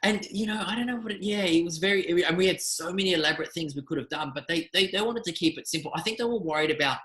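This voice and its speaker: A man, a magician, telling animated, rambling anecdotes in a casual interview. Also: high voice, fast talker, roomy sound, low-quality recording. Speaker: magician guest.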